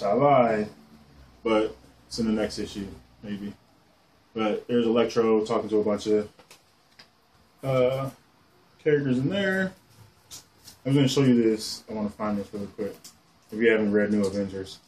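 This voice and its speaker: A man casually showing off his comic collection on camera, rambling excitedly and swearing casually as he goes. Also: on the low side, moderate pace, pauses often, a little hiss or hum. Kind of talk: casual show-and-tell.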